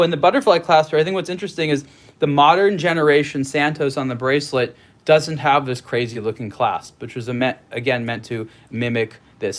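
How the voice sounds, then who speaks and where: A middle-aged man hosting a casual livestream from home, reading viewer comments and rambling as he thinks aloud, with many restarts. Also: mid-range voice. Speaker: host.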